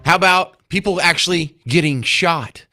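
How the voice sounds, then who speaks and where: A man's voice: high-pitched, moderate pace, pushed and bright, faint music behind. A man hosting a talk radio show, delivering a sarcastic, combative opinion monologue from a studio.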